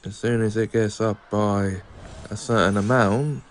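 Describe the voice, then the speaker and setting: A man hosting a game playthrough, talking directly to his viewers in an unhurried way. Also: lowish voice, steady tone, faint music behind. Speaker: gaming channel host. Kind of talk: let's play commentary.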